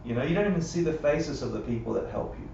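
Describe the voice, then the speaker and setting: A man's voice: mid-range voice, lively intonation, quick pace, gravelly, darkish tone, slight background noise. A man teaching a live Buddhist class in a conversational way, often checking in with his listeners and acting out quotes. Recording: roomy, dull livestream audio from a distance.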